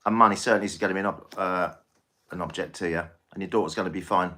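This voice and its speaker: A man's voice: low voice, fairly even intonation, fast, pushed and bright. A man giving a live-stream tarot reading, chatty and reassuring, often repeating himself. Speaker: tarot reader.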